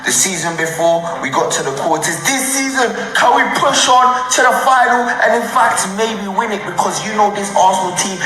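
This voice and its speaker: A speaker hyping up a football team's trophy chances with emphatic excitement. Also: mid-range voice, very echoey, low-quality recording. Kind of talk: hyped fan predictions.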